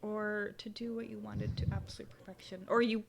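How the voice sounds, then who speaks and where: A woman's voice: medium pitch, little pitch movement, a little fast, gravelly, noisy background. A young woman running a tabletop game over a video call, explaining rules casually with lots of fillers. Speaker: game master.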